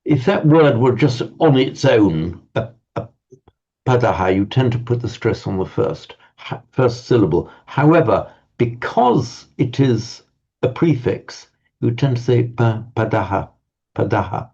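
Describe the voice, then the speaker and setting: A man teaching a Pali class, talking in a halting, thoughtful way with many restarts, on a dull lo-fi recording. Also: medium pitch, lively intonation, vocal fry, mellow, breathy edge.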